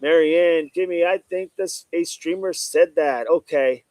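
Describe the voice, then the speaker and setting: A man's voice: a little high, measured pace, a little mellow, dry recording. A man hosting a casual live stream, reading out viewer comments and greeting chatters by name, often saying "no doubt about it.". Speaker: livestream host reading chat. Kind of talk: casual livestream chat.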